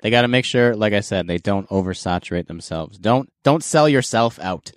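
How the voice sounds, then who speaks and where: Man, podcast host, low smooth voice, dry close sound, relaxed sneaker talk. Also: normal speed, no echo. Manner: relaxed, hosting and giving sneaker reviews with laughs. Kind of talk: casual podcast chat.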